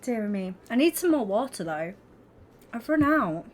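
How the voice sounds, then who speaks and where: A young woman chats with her stream audience while she plays. Her voice sits a little high and swings up and down a lot, and she takes her time. She giggles often and keeps talking to her viewers. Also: big pitch swings, measured pace, darkish tone, slight background noise. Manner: giggly and chatty, talks to viewers. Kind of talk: casual livestream chat while gaming.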